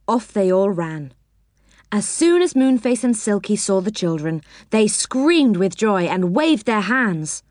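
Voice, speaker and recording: A woman reading a children's story aloud, expressive and warm in storybook style, in a dry close recording. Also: mid-range voice, a little slow, no echo.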